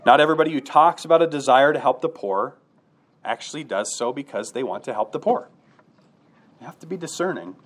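A man's voice: medium pitch, animated, fairly quick. A man preaching a sermon to his congregation, earnest and direct, often checking in with rhetorical questions. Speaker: pastor.

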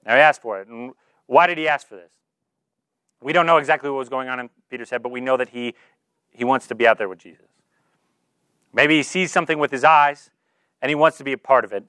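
A man's voice: mid-range voice, fast talker, pauses often, sharp tone, clear, resonant tone, no room sound. A man preaching in an earnest, informal way, using lots of "like" as he talks through a scripture passage. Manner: earnest, informal, filler-heavy with "like". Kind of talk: conversational sermon.

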